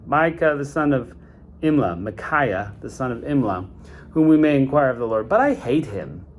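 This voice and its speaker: A man reading scripture aloud and adding relaxed, chatty comments of his own. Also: fairly high pitch, a little hiss or hum. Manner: reads scripture slowly, then adds chatty asides. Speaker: Bible reader and commentator. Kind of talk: Bible reading with casual commentary.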